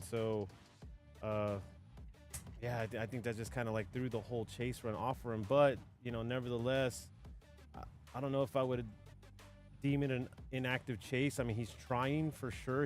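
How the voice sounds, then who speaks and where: A man's voice: mid-range voice, level tone, moderate pace, faint music behind. A man commentating and judging a live drift event, rambling casually with many restarts.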